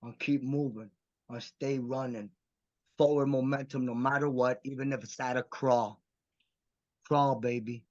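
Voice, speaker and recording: This guest actor hails from Mission, Texas, and is intense, profane and emphatic in a candid podcast conversation. Even so, his medium-pitched voice holds a steady tone and a measured pace, heard through dull lo-fi podcast audio.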